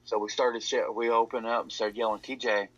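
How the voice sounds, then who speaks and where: A man's voice: medium pitch, flat delivery, fast, fairly bright tone. A man telling a rambling story, repeating "he said" over and over. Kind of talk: casual storytelling. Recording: dull lo-fi audio.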